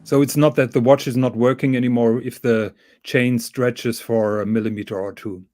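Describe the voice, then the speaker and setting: A man's voice: mid-range voice, fairly even intonation, moderate pace, darkish tone, no echo. A man explaining things carefully and patiently on a livestream, with some fillers. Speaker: guest on a watch livestream. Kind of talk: casual livestream chat.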